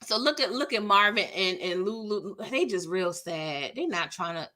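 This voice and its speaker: A woman's voice: mid-range voice, normal speed. A woman hosting a live TV recap, chatting casually with lots of laughs and acting out characters' lines. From California. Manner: animated, laughing, acts out characters mid-story. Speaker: TV recap host.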